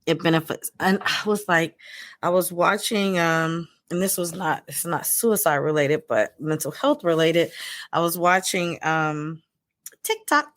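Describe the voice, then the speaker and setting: A woman's voice: fairly low pitch, animated, a little slow, fairly bright tone, no echo, studio quality. A woman co-hosting a podcast as a mental health professional, chatting casually and animatedly, laughing often and acting out quotes. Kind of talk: casual chat.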